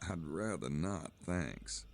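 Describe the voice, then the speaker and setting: Deep-voiced wry detective. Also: male voice, lively intonation, slow pace, creaky, slight background noise, exaggerated voice. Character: wry adult male detective. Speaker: game protagonist. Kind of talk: video game voice acting.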